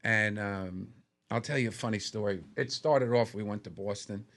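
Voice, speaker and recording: A man's voice: fairly low pitch, normal speed. A man, a comedian guest telling stories on a podcast and acting out the people he quotes. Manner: animated storyteller, acts out quotes in a raised voice. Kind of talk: casual storytelling on a podcast.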